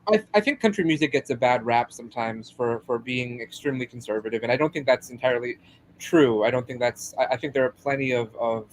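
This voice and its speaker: A man co-hosting a podcast in casual chat over a remote call, teasing and chatty with halting restarts. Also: mid-range voice, a little hiss or hum. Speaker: podcast co-host.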